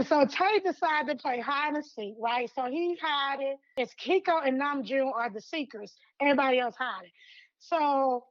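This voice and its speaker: A woman co-hosting a podcast in casual chat, retelling a story in an animated way and acting out the lines. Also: sits high, no room sound. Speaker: podcast co-host. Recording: dull lo-fi sound.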